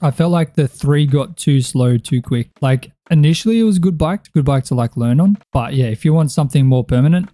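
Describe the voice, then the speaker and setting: A young man with an Australian accent rambles through casual gameplay commentary, drifting from one thought to the next. His voice is very dark and mellow, recorded close and dry with no room sound. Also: on the high side, animated, fairly quick, hardly any pauses, no echo. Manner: chatty, rambling, thinks aloud. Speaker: gaming channel host.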